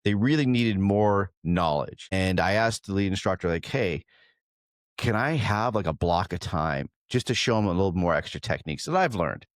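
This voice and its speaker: A man's voice: low voice, animated, normal speed, dry recording, clean studio sound. A man hosting a podcast, talking casually and appreciatively with frequent restarts. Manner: warm, appreciative, rambling with restarts. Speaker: podcast host.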